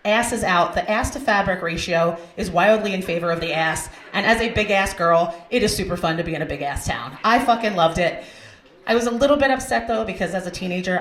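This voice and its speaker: A woman, hosting a stand-up comedy set and bantering crudely with the crowd. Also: medium pitch. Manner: brash, crude, chatty with the crowd. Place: comedy club stage. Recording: roomy club sound.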